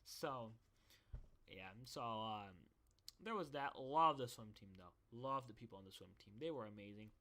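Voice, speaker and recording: A man's voice: on the low side, normal speed, sharp tone. A young man telling stories in a casual, rambling monologue, joking at his own expense. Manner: rambling, self-deprecating joking. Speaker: vlogger.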